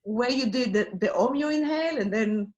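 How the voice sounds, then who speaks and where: A woman's voice: on the high side, normal speed, darkish tone, lo-fi sound. A woman student on a video call asking hesitantly how to breathe while chanting, searching for her words.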